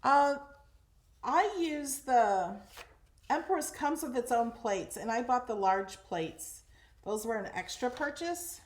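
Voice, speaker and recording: A woman hosting a casual craft tutorial, chatty and excitable as she talks through each step while working. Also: fairly high pitch, slow pace. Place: craft room at home. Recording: echoey room, faint noise.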